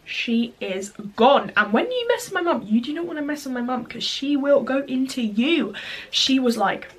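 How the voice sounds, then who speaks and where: A woman's voice: high-pitched, animated, normal speed, husky. A young woman chatting through a storytime vlog, rambling and saying "like" a lot. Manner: chatty, rambling, heavy use of "like". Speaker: vlogger.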